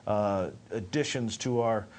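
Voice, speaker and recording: A man's voice: on the low side, unhurried, a little mellow, slight background noise. A man hosting a local talk show, asking questions and prompting his guest in an affable way. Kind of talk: casual talk show interview.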